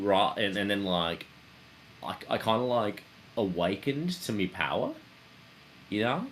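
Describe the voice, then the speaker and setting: A man's voice: low-pitched, measured pace, pauses often, a bit bright, slight background noise. A man with a put-on Australian accent telling his character's backstory in a tabletop roleplay, rambling with lots of fillers. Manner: rambling, full of fillers and "mate". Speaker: tabletop player.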